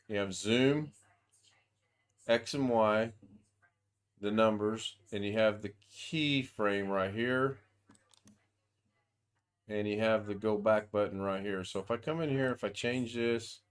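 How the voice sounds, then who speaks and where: A man with a lowish voice walks through a software demo on a video call. He talks casually, thinking out loud and circling back on himself mid-sentence. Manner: thinks aloud, rambling with restarts. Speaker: software demonstrator. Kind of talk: casual screen-share tutorial.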